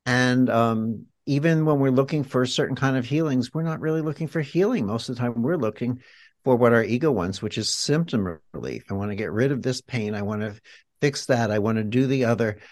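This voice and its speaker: A man speaking as a guest in a reflective interview, explaining his ideas patiently like a teacher leading an exercise. His voice sits at an ordinary pitch and is recorded dry, with no room sound around it. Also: a little fast, darkish tone, no echo. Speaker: healer and guest.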